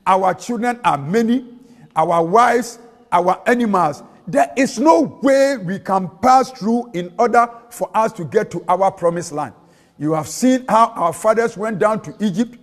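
A man's voice: sits high, unhurried. A man with a Ghanaian accent preaching a sermon in a church, slipping into a sing-song cadence and local-language phrases. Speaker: prophet and preacher. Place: large church hall. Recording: long hall reverb.

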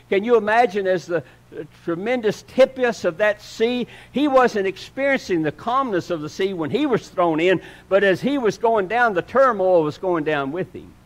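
A man preaching a sermon in an earnest style, moving between loud emphatic lines and hushed low ones and calling listeners "dear friend." He speaks. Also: animated, moderate pace. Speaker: pastor.

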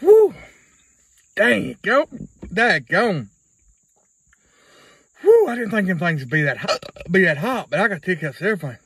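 A man's voice: sits high, very animated, normal speed, long pauses, pushed and bright, slightly rough, dry recording, rough recording. A man, rambling through a casual video blog in a folksy way and repeating himself. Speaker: vlogger.

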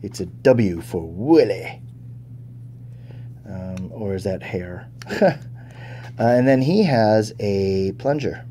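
Male toy reviewer, unhurried and soft-toned, casual and chatty. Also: lowish voice, animated, a little hiss or hum. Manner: chatty, thinking aloud, easily impressed. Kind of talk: casual unboxing commentary.

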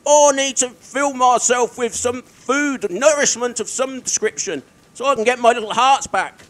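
A man's voice: very high-pitched, moderate pace, fairly bright tone. An Englishman giving let's-play commentary on his own gaming, self-mocking and exasperated, often chuckling as he talks into a desk microphone. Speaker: gaming video creator.

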